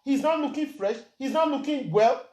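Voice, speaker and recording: A woman's voice: high-pitched, animated, moderate pace, warm tone, reverberant. A Nigerian woman ranting indignantly in a vlog, firing rhetorical questions and slipping between Pidgin and plain English. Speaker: social media commentator. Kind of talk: angry vlog rant.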